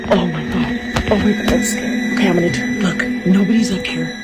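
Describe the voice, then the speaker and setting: Woman, mother narrating her own phone video at home, scared, breathy half-whisper, loud creepy music underneath. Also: fairly low pitch, fairly even intonation, brisk. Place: inside a house. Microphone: phone held while filming. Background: loud eerie music.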